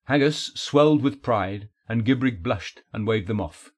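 Brief: husky male storyteller, steady and even, mid pitch. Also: measured pace, few pauses. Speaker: narrator. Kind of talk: audiobook narration.

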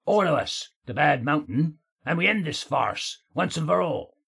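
A man doing a gravelly rough-spoken warrior. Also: on the high side, animated, moderate pace, a bit bright, voice pushed up, heavily acted. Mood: determined. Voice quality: gravelly, rough dialect grammar. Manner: blunt, resolute. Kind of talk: audiobook character voice.

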